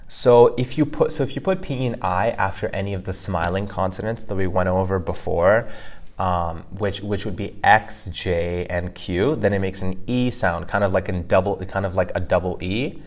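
A man's voice: low-pitched, normal speed. A man co-hosting a casual podcast lesson, explaining pronunciation and often checking in with "right?". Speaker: co-host teaching pronunciation.

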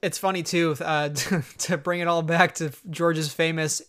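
A man co-hosting a podcast in casual chat, excitable and rambling as he talks about a film. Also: a little high, moderate pace, clear, resonant tone. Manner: excitable, rambling fan talk. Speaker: podcast co-host.

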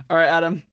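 Male podcast co-host, slightly high voice, dry close sound, chatty, reads listener questions. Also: a bit bright, slightly rough, dry recording. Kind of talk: casual chat.

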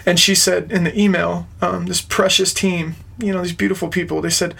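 A man's voice: high voice, little pitch movement, normal speed, creaky, hardly any pauses, pushed and bright, husky. A man, an interview guest, earnestly recounting a personal story in conversation. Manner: earnest, retells events with quoted dialogue.

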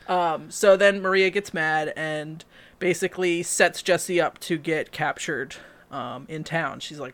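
A woman's voice: low-pitched, measured pace. A woman co-hosting a podcast, casually retelling a film's plot and quoting characters in voices. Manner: animated storytelling, quotes characters in voices. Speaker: podcast co-host. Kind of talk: casual movie recap chat.

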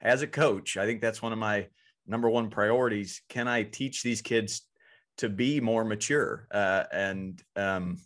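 Male podcast host and youth coach, slightly low voice, earnest and halting, repeats himself mid-thought. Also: fairly bright tone. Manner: earnest, stumbles and repeats words. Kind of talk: casual podcast conversation.

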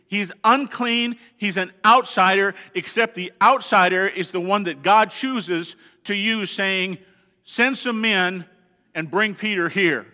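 Bright, high-voiced preaching man in a reverberant hall. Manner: preaching with dynamic swings between hushed and emphatic. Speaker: pastor. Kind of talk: sermon. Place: church sanctuary. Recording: long reverb of a large hall.

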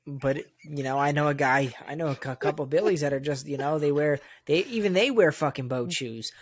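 Man, casual storyteller, wry and profane, slightly high voice, dry close mic. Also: brisk, dry recording.

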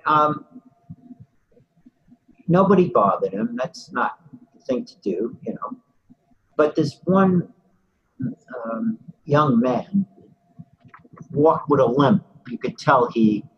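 An older man telling a story in a loose, rambling way and filling it with "you know" asides. His voice is husky and sits at a middle pitch. The recording sounds dull and lo-fi. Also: animated, slow pace, pauses often. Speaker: interviewee. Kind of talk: casual storytelling.

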